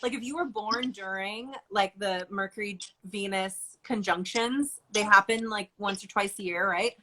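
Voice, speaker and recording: Bright-voiced woman in casual chat. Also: mid-range voice, normal speed. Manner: animated, swearing, laughing asides. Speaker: host.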